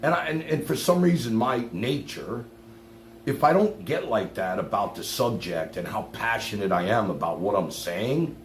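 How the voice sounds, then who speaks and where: Man, streamer ranting to chat, lively pitch, echoey room with faint hum. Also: moderate pace. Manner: fired-up, profane, swings loud then drops low. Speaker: live streamer. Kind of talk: ranting live stream monologue.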